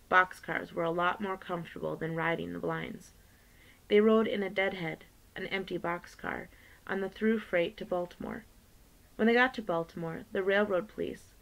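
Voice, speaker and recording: A woman's voice: mid-range voice, gravelly, rough recording. A woman teacher reading a novel aloud to her class, page by page, lightly voicing the characters.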